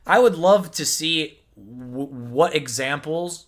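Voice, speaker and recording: A man reacts to a video, arguing back in an exasperated and sarcastic way. His voice sits slightly high for a man. He pushes his points hard and keeps circling back to them. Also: takes it slowly. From United States. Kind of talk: heated reaction commentary.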